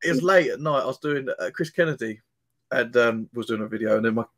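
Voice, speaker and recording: A man's voice: mid-range voice, fast, dry recording. A man hosting his own interview channel, chatty and self-deprecating, telling stories in a loose casual style. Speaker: channel host.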